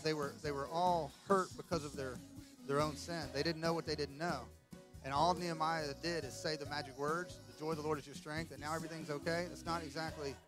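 A man preaching a conversational sermon as pastor, emphatic and full of "right?" asides. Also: on the high side. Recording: clear music under the voice.

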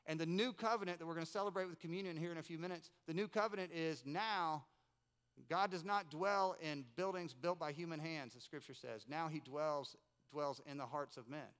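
A pastor in his forties from North Carolina preaches a sermon at a church service held in a rented building. His voice is on the high side, fairly quick, clear, and resonant. He tells stories animatedly, tossing in playful asides.

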